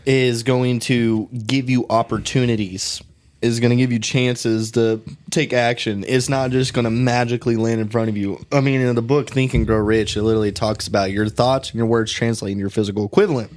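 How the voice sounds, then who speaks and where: A man's voice: mid-range voice, fairly quick. A man in his twenties hosting a casual podcast, telling stories with lots of swearing and "bro" and "dude". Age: 20s. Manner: animated storytelling, heavy swearing, frequent "bro" and "dude". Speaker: podcast host.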